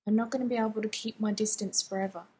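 A woman reading the part of a grieving young man who pleads softly and apologetically to his younger brother in a fan fiction reading. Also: mid-range voice, steady tone, fast, a little hiss or hum, lightly acted. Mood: pleading.

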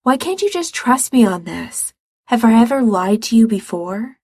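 A woman's voice: fairly high pitch, sing-song, normal speed, a little mellow, breathy edge, dry recording, studio quality, voice pushed up, heavily acted. A woman voicing a weary, practical young man who sounds patient but exasperated.

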